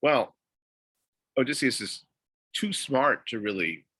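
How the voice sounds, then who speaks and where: A man's voice: medium pitch, animated, slow pace, sharp tone, breathy edge, dry recording. A man giving a university lecture, hesitant, with many fillers and restarts.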